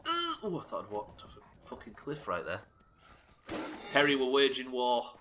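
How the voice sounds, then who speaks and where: A man's voice: medium pitch, wildly swooping pitch, moderate pace, pushed and bright, a little hiss or hum. A man streaming a game live, chatting casually and joking with his chat, with frequent swearing. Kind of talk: casual commentary while playing.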